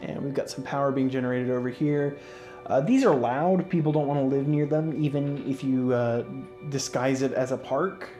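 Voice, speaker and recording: A man hosting a casual let's-play, talking through his moves in a relaxed, rambling way with lots of fillers and restarts, yawning and sleepy. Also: mid-range voice, normal speed. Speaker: gaming channel host. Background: faint game music.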